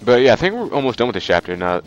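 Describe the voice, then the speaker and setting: A man's voice: medium pitch, very animated, racing. A man with a stuffy nose giving rambling, chatty let's play commentary. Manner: rambling, chatty, with many fillers. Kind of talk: casual game commentary. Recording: dull lo-fi sound. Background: faint game music.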